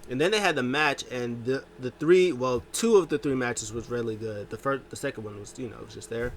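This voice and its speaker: A man casually recapping a wrestling show, telling it with lively jumps into quoted lines. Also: a little fast. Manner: animated retelling, jumps pitch to quote wrestlers.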